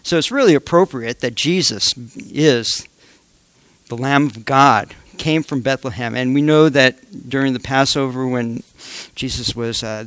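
A man's voice: medium pitch, fairly bright tone, no room sound. A man preaching a conversational sermon with slides, joking asides and frequent fillers. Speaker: lay preacher.

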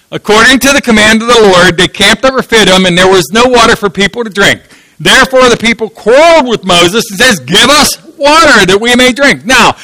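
A man preaching a sermon in a high, ringing, very bright voice. He tells the story and keeps asking his listeners questions. The sound is dry and close, with no room echo. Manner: storytelling, asks the audience questions.

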